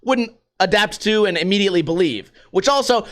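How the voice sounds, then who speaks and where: A man's voice: fast talker, few pauses. A young man hosting a podcast, ranting in a casual, profane, rambling way. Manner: profane, rambling, swings pitch for emphasis. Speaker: podcast host. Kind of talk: casual rant.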